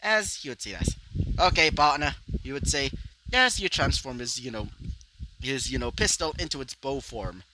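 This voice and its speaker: A man's voice: mid-range voice, very animated, normal speed, noisy background. A man improvising a fan-fiction story aloud in a rambling way, his narration packed with fillers. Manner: rambling, full of "you know" fillers.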